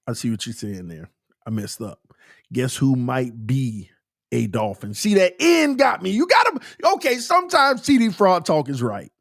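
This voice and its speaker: A man hosting a casual sports fan livestream, ranting and repeating himself with bursts of laughter and shouting. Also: high voice, huge pitch swings, normal speed, vocal fry, no echo, studio quality. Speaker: sports channel host.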